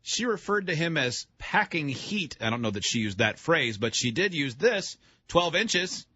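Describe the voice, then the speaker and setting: A radio host banters in a lively, teasing way, his voice bright and a little husky. The studio sound is dry and slightly dull. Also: on the high side, normal speed. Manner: lively, teasing, laughs easily.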